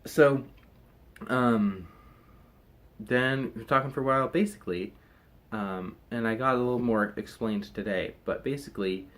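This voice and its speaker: A man's voice: mid-range voice, normal speed, fairly bright tone. A young man chatting casually to camera in a rambling, hesitant way, full of fillers and restarts. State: recovering from wisdom teeth removal. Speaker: vlogger.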